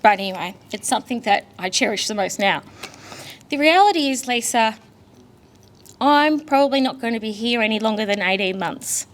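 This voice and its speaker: A woman's voice: medium pitch, fairly quick. A young Australian woman, the daughter, giving a candid, emotional funeral eulogy full of family stories. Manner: emotional, candid, storytelling with laughs.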